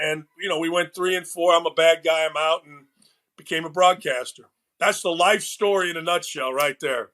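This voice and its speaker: A middle-aged man with a high, bright and forceful voice tells animated stories from his coaching days. He slips into the voices of the people he quotes. It is loose, conversational podcast talk. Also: normal speed. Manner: lively anecdotes, acts out quoted people. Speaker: podcast guest, former basketball coach and broadcaster. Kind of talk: animated storytelling in a casual interview.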